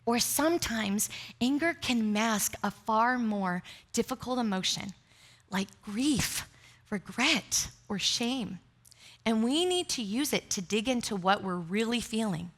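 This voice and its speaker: Preaching in a church sanctuary, a middle-aged woman pastor speaks with a fairly high, animated, slightly bright voice at a measured pace. Her sermon is built on candid, self-deprecating stories, punctuated by frequent laughter.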